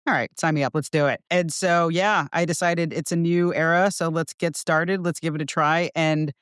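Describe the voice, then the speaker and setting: A man's voice: fairly high pitch, fairly even intonation, moderate pace, fairly bright tone, clear, resonant tone, no echo, studio quality. A man in his forties, a pickleball content creator, chatting as a podcast guest, upbeat and laughing often. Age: 40s. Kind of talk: casual interview chat. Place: New York.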